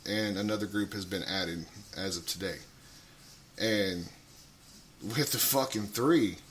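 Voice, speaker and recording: A man talking casually on a radio show, rambling, swearing a lot and getting loud. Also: on the low side.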